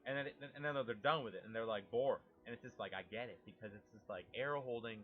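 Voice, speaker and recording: Bright, animated young man ranting. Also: medium pitch, fast, soft background music. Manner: animated, swears a lot, mimics game sounds. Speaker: gaming YouTuber. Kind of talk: casual rambling monologue.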